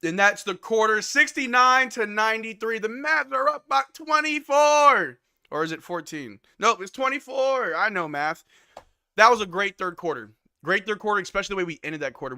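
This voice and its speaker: Streamer host, male, high bright voice, hype play-by-play on a dry mic. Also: clear, resonant tone, no room sound. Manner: hype play-by-play, shouts on big plays. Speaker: live stream watch-along host. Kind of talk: excited live game commentary.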